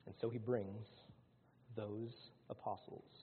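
A man preaching a sermon to his congregation, swinging between loud, rising lines and hushed ones. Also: lowish voice, flat delivery, slow, slight background noise. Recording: phone-like sound in a large hall.

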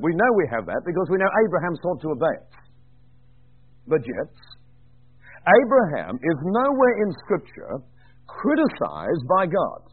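Man, sermon, higher voice, lively rising and falling delivery, phone-like tinny sound. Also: breathy edge. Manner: emphatic, rhetorical questions, repeats key words. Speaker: preacher.

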